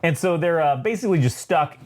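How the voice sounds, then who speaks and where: Male podcast host, casual, profane, laughs a lot, animated pitch. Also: brisk. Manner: profane, laughing, rambling recap. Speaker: comic book podcast host. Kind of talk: casual chat.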